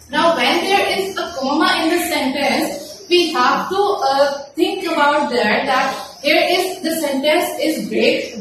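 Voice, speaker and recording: A woman teacher, explaining a lesson slowly with many fillers and restarts. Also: sits high, a bit bright. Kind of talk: classroom lesson. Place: classroom with a board. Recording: very echoey room, distant mic, noisy.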